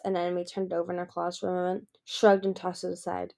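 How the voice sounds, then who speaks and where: A woman's voice: fairly low pitch, monotone, fast, gravelly, darkish tone. A woman reading a fantasy novel aloud, voicing the characters' dialogue. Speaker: audiobook reader.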